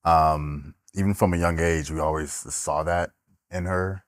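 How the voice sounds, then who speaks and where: A man speaking as a panel guest in casual chat, halting as he searches for words. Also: extremely low pitch, fairly even intonation, dry recording, clean studio sound. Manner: halting, many fillers and restarts.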